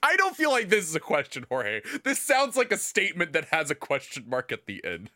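A man's voice: a little high, huge pitch swings, a little fast, bright, forceful tone, no room sound, clean studio sound. A man hosting a casual podcast chat with friends, rambling and laughing often. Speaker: podcast host.

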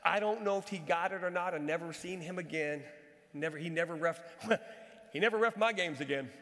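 A male pastor delivers a storytelling sermon in a fairly high voice. He moves between animated, near-shouted bursts and quiet, earnest asides. A long reverb trails each phrase. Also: a little fast. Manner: animated, swings from shouting to hushed. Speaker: pastor and basketball coach.

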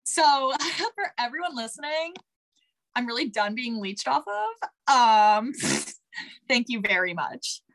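A young woman co-hosting a podcast, telling stories in a blunt, profane, animated way. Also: on the high side, slow. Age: young adult. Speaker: podcast co-host. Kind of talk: casual chat.

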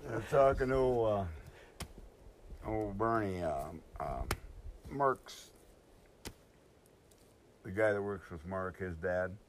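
A man's voice: fairly low pitch, expressive, drawn-out words, pauses often, background noise. An older man telling rambling, profane stories in a casual chat, laughing as he goes. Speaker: storyteller among hunters. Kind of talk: casual storytelling.

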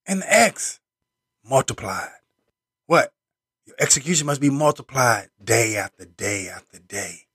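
A man hosting a motivational podcast, speaking in punchy, repeated slogans with preacher-like emphasis, swinging between loud bursts and low asides. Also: animated, a little slow, long pauses, breathy edge. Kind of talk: motivational monologue.

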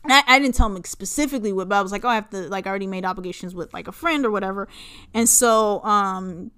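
A young adult woman hosting a podcast, telling a story in a casual, candid and animated way, swearing often and talking freely to her listeners. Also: mid-range voice, smooth. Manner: animated, profane, fast-shifting; self-described introvert, candid. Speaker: podcast host.

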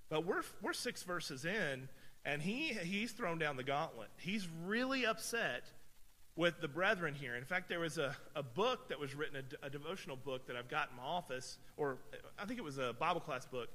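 A man's voice: on the high side, expressive, moderate pace, sharp tone. A man preaching a sermon from the pulpit in a conversational, emphatic way, often repeating words as he builds a point. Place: church sanctuary. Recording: long church-hall reverb.

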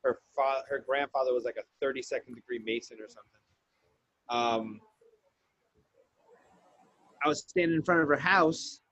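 A man's voice: medium pitch, moderate pace, long pauses, dry recording, muffled recording. A man telling a story in casual podcast chat, swearing freely and acting out the lines he quotes. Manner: profane, animated storyteller who acts out quotes.

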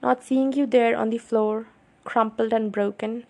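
A woman voicing a brooding teenage boy vampire who speaks quietly and soothingly. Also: fairly high pitch, fairly even intonation, measured pace, gravelly. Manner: quiet, soothing, often whispered.

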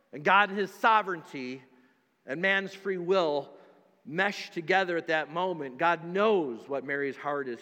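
A pastor preaching a sermon, emphatic and repetitive, dropping to quiet stretches between louder ones. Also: male voice, on the high side, in a large hall. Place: church sanctuary.

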